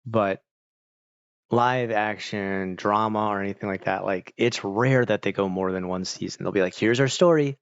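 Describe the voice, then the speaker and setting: A man's voice: on the low side, fairly even intonation, moderate pace, no echo, highs cut off. A man streaming and chatting casually with viewers, rambling, saying "like" a lot and laughing often. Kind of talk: casual chat.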